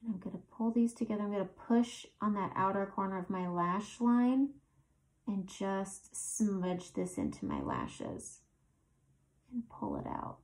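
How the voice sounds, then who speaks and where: Chatty woman with a gravelly edge. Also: medium pitch, big pitch swings, a little slow, darkish tone. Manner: chatty, talks through each step while applying makeup. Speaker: makeup tutorial host. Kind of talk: casual makeup tutorial narration.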